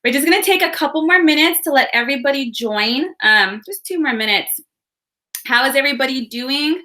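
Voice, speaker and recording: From a home room with a window, a woman hosts a live online workshop, chatting upbeat with viewers and greeting them by where they're from. Her high-pitched voice is animated, bright and forceful, and she talks fairly quickly.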